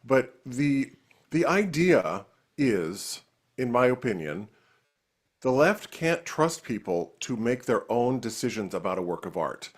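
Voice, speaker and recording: A man's voice: mid-range voice, big pitch swings, a little slow. A man co-hosting a talk show, giving his opinion in a heated, ranting way. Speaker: co-host.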